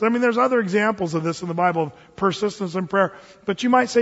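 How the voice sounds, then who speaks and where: A man in his forties preaching a sermon as a pastor, telling stories in an animated way and acting out the voices of the people in them. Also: sits high, fast, big-room sound, lo-fi sound. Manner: animated storytelling, acting out voices in quoted asides.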